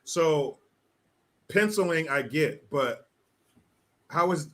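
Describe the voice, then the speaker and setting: Relaxed male host on a video call. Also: a little high. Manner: relaxed, asks quick follow-up questions. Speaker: show host. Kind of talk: casual interview chat.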